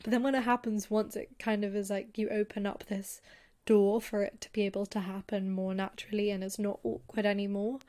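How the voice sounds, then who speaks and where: A woman's voice: mid-range voice, little pitch movement, a little fast, darkish tone. Frank woman co-host giving advice. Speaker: podcast co-host. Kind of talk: casual chat.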